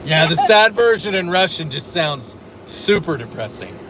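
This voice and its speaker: A man hosting a casual livestream from his car on a road trip, chatting along and moderating his viewers. His voice sits a little high. Steady road noise hums behind him. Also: moderate pace, a loud crowd. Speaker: streamer host.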